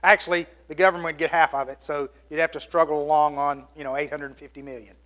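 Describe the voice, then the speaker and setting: A middle-aged man preaching a sermon as pastor, swinging from loud exclamations down to hushed, near-whispered lines. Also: a little high, flat delivery, quick pace.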